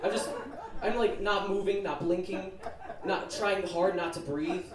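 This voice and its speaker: A nervous teenage boy doing a stand-up set, talking in a slightly high voice that rambles through his story. He sounds far off in a roomy club, with an audience laughing and chatting around him. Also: fairly even intonation, unhurried. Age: teens. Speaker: student comedian. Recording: roomy, distant club recording with crowd.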